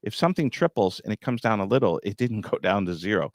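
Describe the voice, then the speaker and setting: A man's voice: lowish voice, big pitch swings, quick pace, no echo, clean studio sound. A middle-aged man hosting a grain market show, talking bluntly with a teasing edge. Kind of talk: market commentary.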